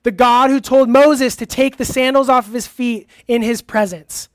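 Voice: medium pitch, steady tone, moderate pace, studio quality. A youth pastor giving a casual, interactive sermon in a church hall, asking the audience questions and laughing easily. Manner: laughs easily, uses many fillers.

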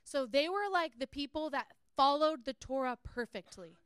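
A woman's voice: sits high, lively intonation, moderate pace, a bit bright, dry recording, studio quality. A young adult woman giving a casual Bible teaching talk, chatty and earnest with frequent fillers.

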